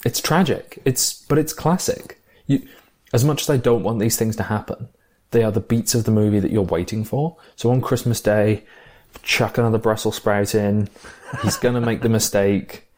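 Low-ish guy gushing about a movie, lots of ums and restarts. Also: a little mellow. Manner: enthusiastic, thinks aloud with fillers and restarts. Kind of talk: casual film discussion.

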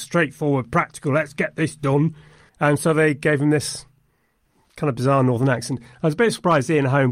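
Guy chatting about a movie, measured, bit wry, dry sound. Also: mid-range voice, no echo. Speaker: podcast film reviewer. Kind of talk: conversational film discussion.

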